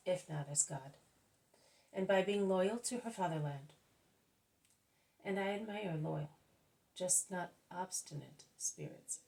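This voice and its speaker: A woman voicing a calm, patient male master. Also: lowish voice, creaky, low-quality recording. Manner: measured, patient explaining.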